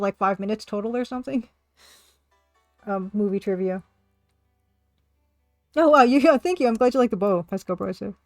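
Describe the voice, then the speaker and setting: A woman from Canada chats casually on her live art stream. Her voice is a little high, and she sounds chatty and self-deprecating as she answers her viewers. The sound is dry and close, with faint music underneath. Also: darkish tone, dry recording. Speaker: live-streaming game artist and developer.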